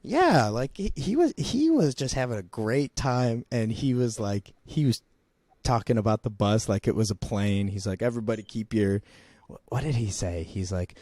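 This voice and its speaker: A man's voice: medium pitch, expressive, normal speed, darkish tone, no room sound. A young man telling a funny story to his grandmother in a casual chat. He laughs as he goes and often restarts his sentences. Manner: rambling, laughing, many restarts. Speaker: vlogger.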